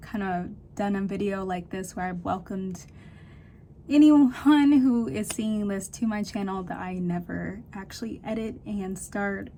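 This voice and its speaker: Candid young woman vlogging, halting. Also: mid-range voice. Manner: candid and halting, searching for words. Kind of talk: confessional vlog.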